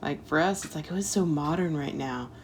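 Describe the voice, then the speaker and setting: A homeschool parent reads a history book aloud at home and chats about it with her child, adding casual asides and lots of "like" and "um." Her voice is low and brisk, with slight background noise.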